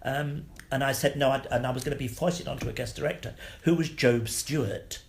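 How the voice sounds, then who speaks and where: An older man, an actor being interviewed, telling anecdotes in a lively, salty way and acting out the voices of the people in his stories. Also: medium pitch, fairly quick, slight background noise. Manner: animated, salty, acts out quoted voices. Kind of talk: anecdotal storytelling.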